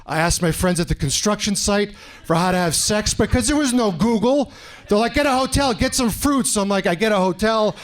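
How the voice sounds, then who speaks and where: His voice sits high and moves fairly quickly as this Canadian man in his forties does a stand-up set in a club. He narrates stories animatedly, impersonating other people, with the audience laughing in the background.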